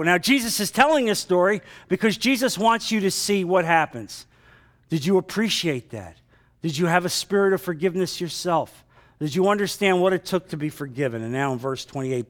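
A man pastor preaching a sermon, dramatic, sometimes dropping to a hushed, emotional tone. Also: sits high.

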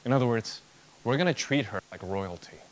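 A male preacher delivering an expository sermon in a lively, swinging voice of middle pitch. He drives his points home with emphatic repetition and rhetorical questions. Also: brisk.

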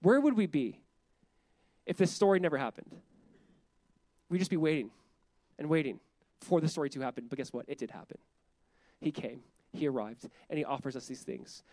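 A pastor delivering a sermon in a bright, high male voice, pressing his points through repetition. He talks in a casual, animated way and laughs readily as he goes. The sound is dry, with almost no room around it. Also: normal speed, pauses often, no room sound. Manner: animated, conversational preaching with emphatic repetition; laughs often while speaking.

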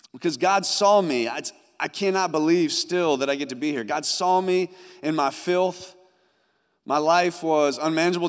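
A young man preaching a sermon, giving an earnest personal testimony that rises and falls in intensity. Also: a little high. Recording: long hall reverb.

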